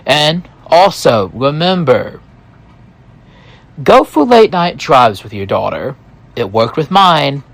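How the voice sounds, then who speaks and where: A man voicing a friendly, chatty male helicopter pilot who talks in a quick, raised voice. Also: big pitch swings, a bit bright, full character voice. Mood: upbeat. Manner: eager, quick, raised pitch.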